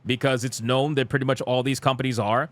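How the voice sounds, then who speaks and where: A man's voice: medium pitch, fairly even intonation, brisk, dry recording. A young man streaming live, reacting to gaming news and reading comments aloud in a blunt, exasperated, profane rant.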